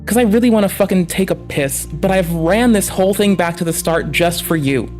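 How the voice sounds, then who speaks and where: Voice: medium pitch, brisk, a little mellow, faint music behind. A streamer doing reaction commentary on a livestream, talking in a heated, sarcastic way with lots of swearing and sounding annoyed. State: annoyed and frustrated.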